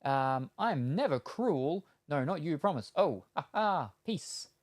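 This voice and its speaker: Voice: medium pitch, expressive, takes it slowly, no echo, studio quality. Rambling Australian game streamer. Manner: rambling and hesitant, many ums; chatty, answers chat, laughs at itself. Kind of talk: casual stream chat.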